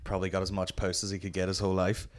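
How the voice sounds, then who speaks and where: A man's voice: sits low, completely flat delivery, rapid-fire. A man, hosting a comedy podcast in sweary, ranting banter. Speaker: podcast host. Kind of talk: casual chat.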